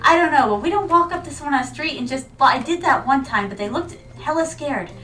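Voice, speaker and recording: American woman streamer, high bright voice, rambling and playful. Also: lively intonation, fast, far from the mic, rough recording. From United States. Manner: playful, rambling, chatty with viewers. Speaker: VTuber streamer. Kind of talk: casual game stream chat. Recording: mic set back, music behind.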